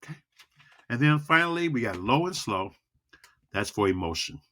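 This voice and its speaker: Lively, bright-voiced male speaking coach. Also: medium pitch, moderate pace, slight background noise. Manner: energetic, repetitive, demonstrates vocal dynamics. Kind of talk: online video lesson addressing the viewer.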